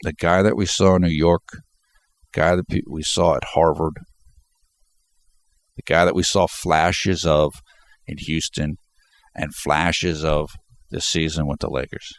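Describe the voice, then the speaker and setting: A man's voice: rumbling low, flat delivery, a little slow, pauses often, no echo. A man hosting a basketball fan channel, talking emphatically through a stuffed-up nose and repeating words as he builds his points. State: congested, stuffed up. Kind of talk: sports commentary vlog.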